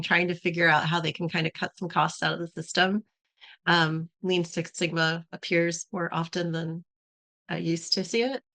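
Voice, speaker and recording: Low-voiced woman explaining steadily. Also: bright, forceful tone. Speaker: podcast guest, company executive. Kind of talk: casual podcast discussion.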